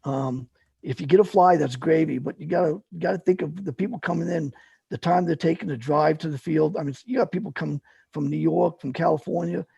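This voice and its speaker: A middle-aged man who organizes paramotor fly-ins appears as a guest, telling paramotor stories in a rambling, casual manner full of fillers and restarts. His voice is fairly high, a little fast, mellow and husky with vocal fry, on a dry recording with the highs cut off.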